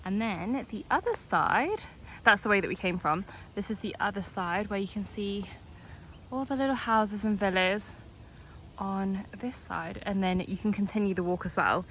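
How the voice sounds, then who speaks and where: A woman's voice: medium pitch, moderate pace, a bit bright, a little hiss or hum. A young woman, narrating a travel vlog to a handheld camera in a chatty, upbeat way with frequent exclamations. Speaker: travel vlogger.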